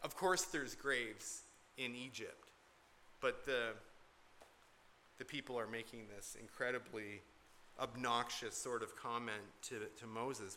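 A man's voice: medium pitch, fairly even intonation, unhurried, pushed and bright, slight background noise. A man preaching an expository sermon from the pulpit, earnest and emphatic, repeating key points to drive them home. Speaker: pastor.

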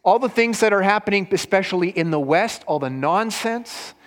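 Guy pastor with a fairly high voice telling a bible story to kids, big echoey church hall. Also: lively intonation, moderate pace, few pauses. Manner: storytelling, rises in pitch for quoted lines. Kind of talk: sermon retelling a story for children. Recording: long hall reverb.

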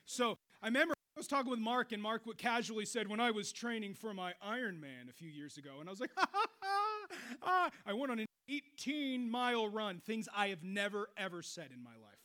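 Pastor, man, middle-aged, high bright voice, animated sermon delivery with loud and quiet swings. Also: a little fast. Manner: animated preaching, swinging between loud exclamations and low quiet stretches.

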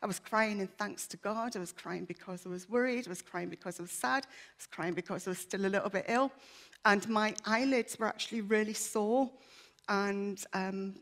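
A woman's voice: medium pitch, normal speed, fairly bright tone. A woman giving a personal testimony to a church congregation, candid, chatty and self-deprecating, earnest and emotional.

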